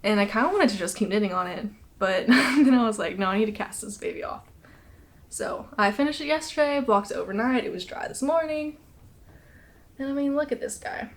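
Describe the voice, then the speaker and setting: A woman's voice: a little high, animated, fairly quick. A young woman hosting a knitting podcast, chatting casually, laughing often and a little out of breath. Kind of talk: casual chat.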